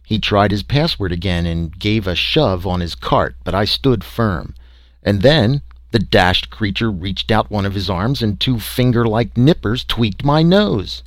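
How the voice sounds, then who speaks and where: A man's voice: on the low side, expressive, unhurried, no echo. A man reading a first-person story aloud in a wry, conversational manner. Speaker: audiobook narrator.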